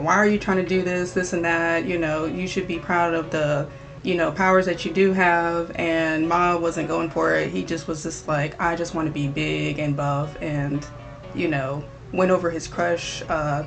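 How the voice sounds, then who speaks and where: A woman's voice: on the low side, steady tone, normal speed, vocal fry, faint music behind. A woman co-hosting an anime review, retelling the plot hesitantly with many fillers. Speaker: co-host. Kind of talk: casual recap chat.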